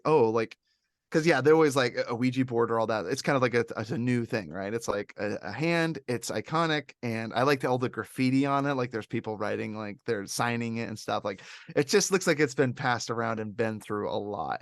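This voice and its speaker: A man hosting a casual film review chat, talking in an animated, rambling way with lots of fillers. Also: mid-range voice, dry recording, clean studio sound. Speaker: podcast host reviewing films.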